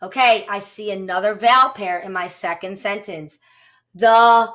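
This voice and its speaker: A woman's voice: medium pitch, a little slow, a bit bright. A woman teacher giving a recorded phonics lesson to young children, patiently sounding out each word. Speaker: elementary teacher.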